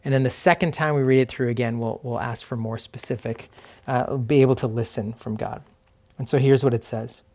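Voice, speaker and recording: A male pastor speaks in a gentle, unhurried way at a mid-range pitch. He guides a quiet reflective meditation and reads scripture slowly, letting pauses sit between the phrases. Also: fairly even intonation, creaky.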